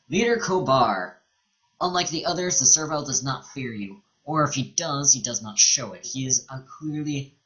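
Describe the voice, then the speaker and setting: A man's voice: on the low side, pushed and bright, highs cut off. A man casually commenting on a game he plays and reading its text aloud. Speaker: let's play host.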